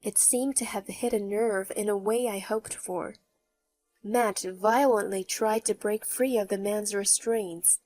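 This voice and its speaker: A woman narrating her own story in the first person, with a mocking, even tone. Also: mid-range voice, measured pace. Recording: faint background music.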